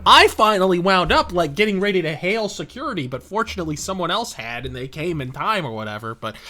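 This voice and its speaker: A high-pitched man tells a story, cursing freely and laughing. His pitch swings widely and his tone is bright and sharp. He speaks in a casual gaming-commentary style. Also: quick pace. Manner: profane, animated, laughing anecdote. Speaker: host.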